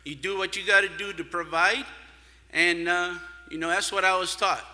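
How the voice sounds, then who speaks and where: A man from Hawaii giving an earnest, halting tribute speech with many fillers. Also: high voice, bright, forceful tone. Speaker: award speaker. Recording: long reverb of a large hall.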